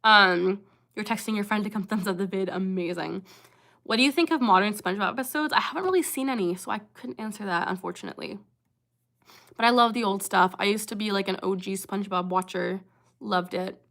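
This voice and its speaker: Bright-voiced young woman chatting on a livestream. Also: medium pitch, fairly quick, gravelly. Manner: chatty, earnest, interrupted by vocal tics. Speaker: livestream host answering chat. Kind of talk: casual livestream chat.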